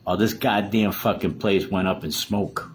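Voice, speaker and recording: A man's voice: low-pitched, normal speed, slight background noise. A distraught man in a solo monologue, ranting in an agitated way with heavy swearing.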